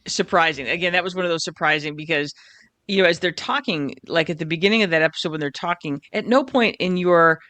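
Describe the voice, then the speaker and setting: Brief: co-host of a chatty podcast, bright forward voice, dry close sound, keen and talkative. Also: medium pitch, quick pace, dry recording. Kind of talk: casual podcast chat.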